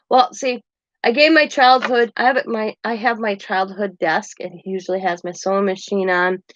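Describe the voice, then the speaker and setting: An older woman who hosts a craft channel chats at home in a rambling, meandering way, chuckling often. Her voice sits at medium pitch with no echo, and the recording sounds dull, dry and lo-fi.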